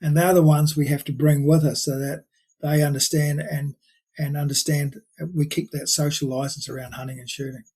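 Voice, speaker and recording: A man's voice: fairly high pitch, level tone, normal speed, darkish tone, slightly rough. An older man, a podcast guest chatting and telling stories in a rambling way, full of restarts. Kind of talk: casual storytelling chat.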